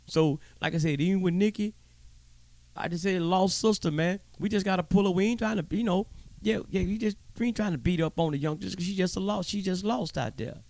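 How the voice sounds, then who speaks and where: A man's voice: sits high, a little fast, a little mellow, no echo. A man hosting his own show, delivering a heated, profane commentary monologue with preachy emphasis and stammering repeats. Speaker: show host.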